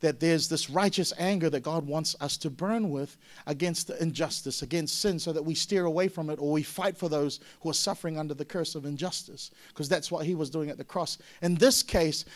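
A middle-aged man from Samoa preaching a sermon in an animated way, acting out voices in sudden loud bursts. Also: fairly high pitch, normal speed. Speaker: pastor.

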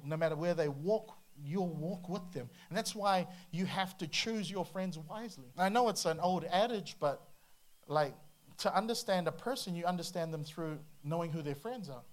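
A man preaching a sermon to a congregation, humorous and animated, breaking into playful voices and sound effects. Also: fairly high pitch, moderate pace. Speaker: pastor.

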